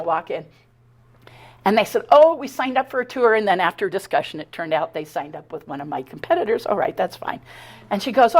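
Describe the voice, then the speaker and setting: Woman telling a personal story to an audience. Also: medium pitch. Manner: animated, acts out quoted dialogue, restarts and stumbles. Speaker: speaker giving a talk on her abduction experiences. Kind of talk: conversational storytelling talk. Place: talk at a spiritual center.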